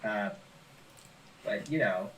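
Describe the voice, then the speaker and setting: A man's voice: on the low side, takes it slowly, fairly bright tone. A man joking around as a player at a tabletop game. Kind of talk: casual chat at the game table. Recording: distant mic with background noise.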